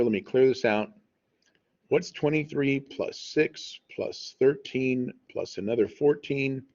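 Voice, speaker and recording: A man's voice: mid-range voice, breathy edge, highs cut off. A man teaching a recorded math lesson in a conversational way, often checking in with "okay?".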